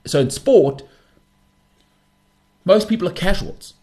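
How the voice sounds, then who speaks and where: A man hosting a sports talk show, giving emphatic, repetitive opinions in animated bursts. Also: high-pitched, slow pace. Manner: emphatic, repeats himself, animated rants. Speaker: podcast host.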